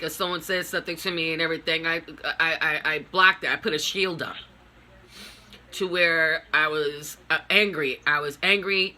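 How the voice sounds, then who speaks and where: A grieving middle-aged woman talking in a personal vlog, halting and raw, in broken phrases. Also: low voice, bright, forceful tone. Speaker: vlogger.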